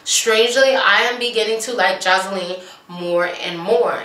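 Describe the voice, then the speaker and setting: A woman's voice: medium pitch, moderate pace, far from the mic. Sassy woman recapping in an echoey bathroom. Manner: sassy, animated, acts out quotes in mocking voices. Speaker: vlogger recapping a TV show. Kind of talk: casual chatty recap. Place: small bathroom at home.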